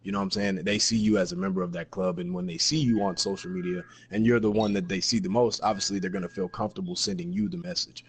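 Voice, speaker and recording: A man hosting a casual podcast chat, relaxed and profane, steering the topics. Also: low-pitched, fast, hardly any pauses, slight background noise.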